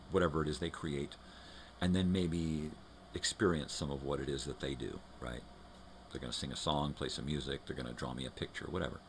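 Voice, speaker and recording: An extremely deep-voiced man hosts a live morning show from his home. He chats loosely and rambles, breaking off to talk to his dogs. A faint hiss sits behind his voice. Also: fairly bright tone. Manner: loose and chatty, talks to his dogs between thoughts. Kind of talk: casual rambling chat.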